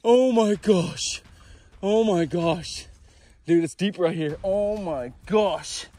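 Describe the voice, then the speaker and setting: A man hosting a fishing vlog, exclaiming and shouting excitedly outdoors at a river spillway. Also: high-pitched, slow. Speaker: fishing channel host.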